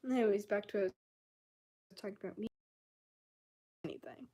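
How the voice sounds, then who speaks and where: A woman's voice: mid-range voice, steady tone, fairly quick, mellow, husky. A young woman ranting angrily and with lots of swearing in a casual vlog, exasperated and fed up. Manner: angry, profane, exasperated.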